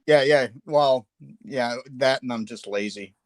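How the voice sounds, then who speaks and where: A man's voice: mid-range voice, a little slow, dry recording. A man hosting a live painting stream, chatting casually while he sketches, with lots of fillers and self-deprecating asides.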